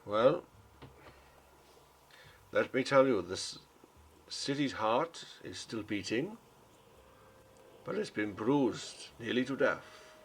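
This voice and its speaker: A man voicing a gentle, weary townsman who speaks in an earnest, halting way. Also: mid-range voice, animated, husky, heavily acted. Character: gentle foreign male townsman, weary but hopeful.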